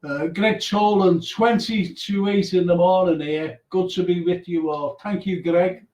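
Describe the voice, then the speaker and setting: Bloke hosting a radio show, telling a ghost story with lots of restarts, sounds a bit far off and roomy. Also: male voice, sits high, fairly even intonation, measured pace, a little mellow. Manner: reads out listener names and messages, chatty asides. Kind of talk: casual chat, live show. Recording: echoey room, away from the mic.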